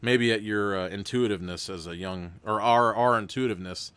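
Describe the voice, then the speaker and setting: A man's voice: on the low side, brisk, a bit bright, clear, resonant tone, no room sound. A man hosting a live stream, narrating a gamebook and breaking off into rambling, chatty asides with frequent restarts.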